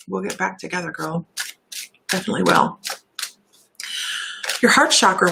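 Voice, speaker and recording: Bright-voiced chatty woman giving readings. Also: on the low side, slight background noise. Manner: chatty, laughs at herself, drifts off topic. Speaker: intuitive reader and shaman. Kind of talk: live-stream readings and chat.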